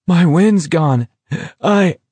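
A man's voice: medium pitch, moderate pace, warm tone, husky, dry recording, natural voice. A man voicing a young man gripped by helpless laughter, breathless and near weeping. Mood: gasping.

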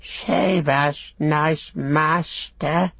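A man's voice: fairly high pitch, steady tone, very slow, vocal fry, fairly bright tone, dry recording, voice pushed up, exaggerated voice. A man voicing a wretched, cringing male creature in an audiobook, whimpering and fawning with self-pity. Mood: whining. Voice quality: whimpering, hissing, self-pitying. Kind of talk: audiobook character voice. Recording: dull, dry studio recording.

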